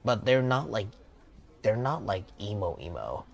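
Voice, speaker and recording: A man chatting casually while streaming a game. He rambles, corrects himself, and slips in slang. His voice is low and his pace is slow. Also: sing-song, gravelly. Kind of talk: casual gameplay commentary.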